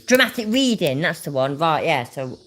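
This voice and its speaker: Very deep-voiced woman, swearing. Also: very animated, normal speed. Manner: swearing, chatty, laughs often. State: drinking while talking. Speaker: livestream host. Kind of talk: casual chat.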